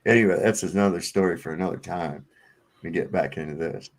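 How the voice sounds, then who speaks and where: A man's voice: low-pitched, quick pace. A man from Virginia hosting a livestream, telling casual stories with lots of swearing and laughter. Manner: profane storyteller, laughs often. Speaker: livestream host. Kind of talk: casual chat. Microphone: home streaming setup.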